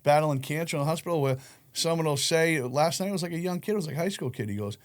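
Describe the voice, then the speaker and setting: A man telling profane stories in a relaxed group chat. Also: a little high, fast. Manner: profane, animated storyteller. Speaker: podcast guest. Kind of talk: casual storytelling chat.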